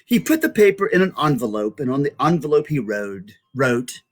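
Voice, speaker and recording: A middle-aged man reading a children's picture book aloud, pausing to ask listeners to look at the pictures. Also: medium pitch, big pitch swings. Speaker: storybook reader.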